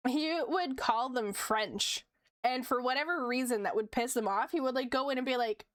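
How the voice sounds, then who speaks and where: Casting: young woman streamer, high voice, chatty and giggly, dry close mic. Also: normal speed, no echo. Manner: giggly, chatty, reads chat aloud. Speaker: art streamer. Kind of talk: casual stream chat.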